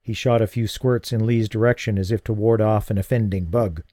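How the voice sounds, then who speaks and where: Warm-voiced male audiobook narrator. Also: fairly low pitch, brisk, dry recording, studio quality. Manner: steady, even storytelling. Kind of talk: scripted narration.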